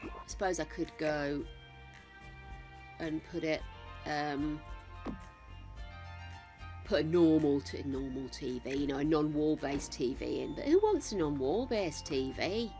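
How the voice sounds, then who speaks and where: A woman's voice: sits low, unhurried, long pauses, mellow, soft background music. An older woman streaming a game, chatting casually and calling her viewers darlings and gorgeous ones. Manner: chatty, showers viewers with endearments. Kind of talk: casual live-stream chat.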